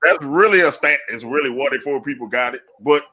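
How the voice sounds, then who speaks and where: A man's voice: medium pitch, brisk. A man hosting a casual sports podcast, swearing freely and laughing through his jokes. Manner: profane, laughs often, animated storytelling. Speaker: podcast host.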